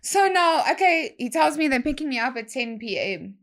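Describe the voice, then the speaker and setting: A young woman tells a story in a relaxed chat. Her voice sits a little high, and she uses slang freely. She acts out other people's lines as she goes. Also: moderate pace. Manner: animated, slangy storytelling with quoted dialogue. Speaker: guest DJ.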